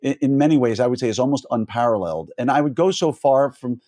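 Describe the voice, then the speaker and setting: A man hosting an interview podcast, mid-pitched and chatty. He piles on praise and restarts his sentences as he goes. The sound is dry, with no room around it. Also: fast, no echo. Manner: warm, effusive introductions with fillers. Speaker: podcast host.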